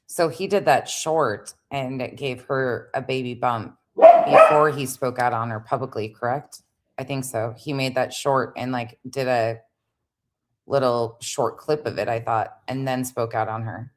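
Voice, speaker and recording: Low-voiced woman streaming commentary. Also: measured pace. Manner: skeptical, wry asides. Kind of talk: live stream reaction commentary.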